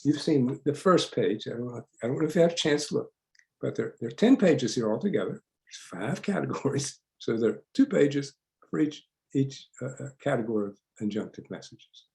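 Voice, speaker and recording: A man's voice: mid-range voice, lively intonation, a little fast, vocal fry, darkish tone. An older male psychologist leading a workshop, telling stories in a chatty lecture and often repeating words as he restarts. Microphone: online workshop recording.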